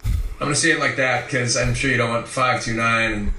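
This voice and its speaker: An easygoing man talking as a guest in a loose interview, with a bright, forceful tone. His mic sits far off in a roomy space, with faint noise underneath. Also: mid-range voice, brisk. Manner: relaxed, easygoing, repeats words as he thinks. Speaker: voice actor guest. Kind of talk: casual interview chat.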